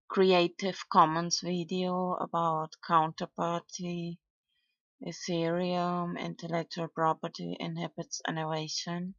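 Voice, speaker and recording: A woman talking casually in her video blog, hesitant and halting, often trailing off with fillers. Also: on the low side, fairly bright tone, dry recording, highs cut off. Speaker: video blogger. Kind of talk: casual vlog commentary.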